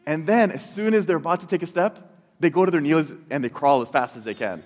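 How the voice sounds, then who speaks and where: Man, 30s, pastor, earnest sermon, repeats words mid-thought, slightly high voice, long hall reverb. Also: fairly quick, a little mellow. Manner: earnest, repeats words while building a point.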